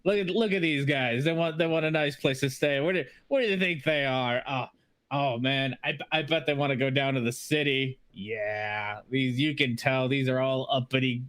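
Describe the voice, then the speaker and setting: A man voicing a rowdy male dwarf in a tavern who mocks newcomers with loud banter. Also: mid-range voice, moderate pace, clean tone, dry recording, natural voice. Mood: mocking.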